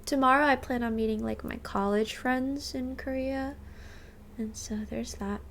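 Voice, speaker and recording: A woman's voice: high-pitched, steady tone, a little slow, fairly bright tone, a little hiss or hum. A woman in her twenties chatting casually with her stream viewers, bubbly and full of "like", thanking subscribers by name. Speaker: livestreamer. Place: rented apartment.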